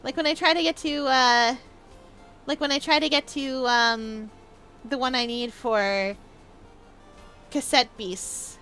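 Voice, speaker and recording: A woman's voice: high-pitched, steady tone, slow, long pauses, pushed and bright, faint music behind. A woman streamer chatting playfully and bubbly on a casual live stream.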